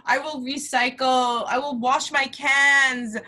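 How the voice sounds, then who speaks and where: A woman from Canada co-hosts a casual doula podcast. Her voice is bright and clear, and she talks in a lively, self-deprecating, chatty way. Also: high-pitched, slow pace. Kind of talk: casual chat.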